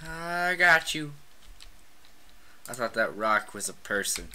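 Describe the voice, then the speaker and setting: A gamer talks through a shooter match in a casual, excitable way, taunting opponents and breaking into shouted outbursts. The voice is very sharp and bright. The talk runs slowly between bursts. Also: medium pitch. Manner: excitable, trash-talking, frequent shouted outbursts. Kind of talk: casual gameplay commentary.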